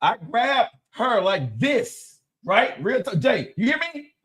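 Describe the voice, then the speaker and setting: A high-voiced man in his thirties spins a profane story with wide, swooping pitch. He talks in a casual, dramatic way and keeps asking "right?" between beats. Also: slow pace, breathy edge. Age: 30s. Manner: animated, dramatic, repeats "right?". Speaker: storyteller on a live-streamed talk show.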